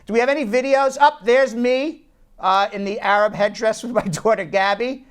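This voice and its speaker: A man's voice: high-pitched, moderate pace, clear, resonant tone. A man hosting a casual talk show from a law office, telling stories animatedly and often repeating words as he restarts. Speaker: host, immigration attorney.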